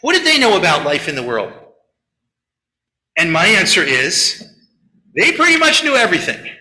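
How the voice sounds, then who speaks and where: A man, a rabbi, giving a sermon at a Shabbat service. He tells the story in a chatty, animated way and acts out the quotes. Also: high voice, normal speed. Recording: echoey room.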